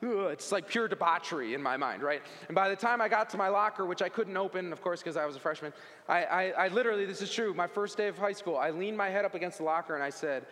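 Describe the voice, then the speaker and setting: A man with a somewhat high voice shares a personal faith testimony, earnest and conversational, tossing in casual asides to his listeners. His words ring out with a long reverb, as if spoken in a large hall. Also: quick pace, fairly bright tone. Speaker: speaker giving a faith testimony. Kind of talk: personal testimony talk to an audience.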